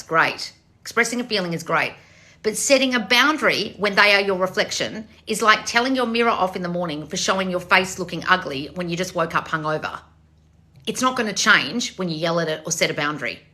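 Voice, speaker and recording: A woman's voice: on the low side, pushed and bright. A woman, a manifestation coach, giving blunt, swearing advice in a lecturing monologue.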